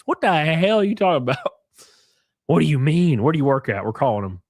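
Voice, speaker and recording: A man's voice: fairly high pitch, fairly quick, no room sound, clean studio sound. A man live-streaming, reading posts aloud and ranting at them in a mocking, profane way while drinking. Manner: mocking, profane, animated rants.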